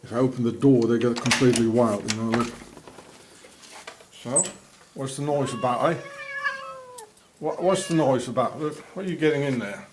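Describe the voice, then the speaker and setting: A man rambling in a sardonic monologue while feeding cats, often dropping into low muttered asides. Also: moderate pace, long pauses, background noise. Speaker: vlogger.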